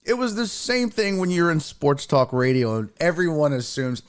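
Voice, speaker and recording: A man hosting a sports talk show, a comedian telling a profane, emphatic story in an animated way, sounding a bit congested. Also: on the high side, moderate pace, hardly any pauses, smooth. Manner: profane, emphatic, fired-up ranting. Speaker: podcast host and stand-up comedian.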